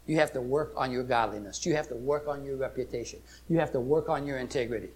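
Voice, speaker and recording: A man preaching a sermon, swinging between loud emphatic exclamations and hushed storytelling. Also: mid-range voice, quick pace, hardly any pauses, slight background noise.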